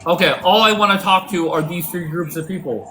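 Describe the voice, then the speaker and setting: A man's voice: high voice, brisk, sharp tone, a little hiss or hum. A man hosting a livestream debate, combative and mocking, often interrupting his callers.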